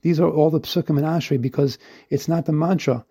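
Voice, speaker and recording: Husky-voiced rabbi giving a Torah talk. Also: male voice, on the high side, fairly even intonation, mellow. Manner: earnest, halting restarts, mixing Hebrew quotes with English. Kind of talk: Torah lesson.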